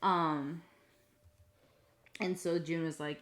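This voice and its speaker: Low-voiced woman rambling casually. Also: a little slow. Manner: rambling, many fillers, casual swearing. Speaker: streamer. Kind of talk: casual storytelling on a live stream.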